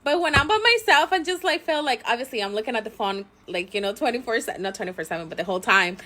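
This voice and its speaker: Woman, mother vlogger, casual storytelling, animated and chatty, lots of fillers, a bit high-pitched. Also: fast talker. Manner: chatty, animated, laughs often, many fillers.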